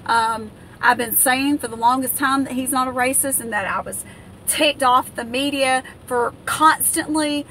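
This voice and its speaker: High, bright, angry American woman ranting. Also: slight background noise. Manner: angry, indignant, with many fillers and restarts. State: livid. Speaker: political vlogger. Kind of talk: impassioned political rant.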